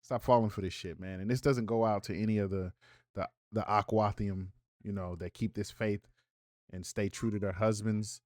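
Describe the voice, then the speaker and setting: A man hosts reaction commentary on a clip, first mocking and incredulous, then delivering preachy rebukes. His voice is fairly low with fairly even intonation, at a moderate pace and a little mellow. The recording is dry and studio-clean.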